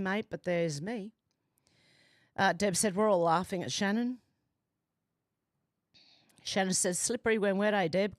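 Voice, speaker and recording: Chatting with amusement, an Australian woman with a medium-pitched voice reads comments from her livestream chat at home, where the doors and windows are open. The sound is dry and of studio quality.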